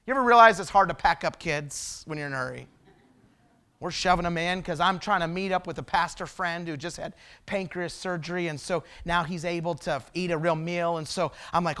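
A man's voice: a little high, fairly quick, bright, forceful tone. A male traveling preacher giving a sermon, telling personal stories in a conversational way and asking the audience rhetorical questions.

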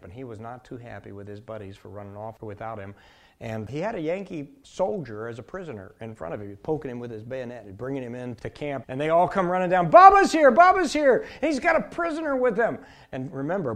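A man preaching a sermon, emphatic, swinging from loud to soft and repeating his points. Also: mid-range voice.

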